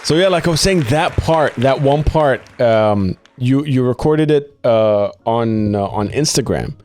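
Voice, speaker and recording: A man's voice: mid-range voice, expressive, unhurried, darkish tone, some chatter behind. A male podcast host talking casually and enthusiastically with a guest, swearing freely and using lots of fillers.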